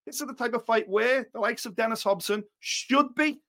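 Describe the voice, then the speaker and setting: Male co-host, higher-pitched voice, blunt and animated, swears freely in casual chat. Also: moderate pace. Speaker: boxing podcast co-host.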